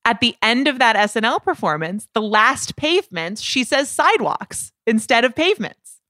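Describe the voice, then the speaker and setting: A woman co-hosting a podcast chats casually, joking and asking her partner questions. Her voice is high-leaning, sing-song, bright, and forceful at a moderate pace, recorded with clean studio sound and no room echo.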